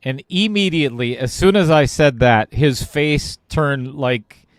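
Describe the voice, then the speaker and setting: Male pool commentator, casual self-mocking storyteller, drawn-out delivery. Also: mid-range voice, no room sound, studio quality. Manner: self-deprecating storyteller who laughs at himself. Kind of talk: casual anecdote told on air.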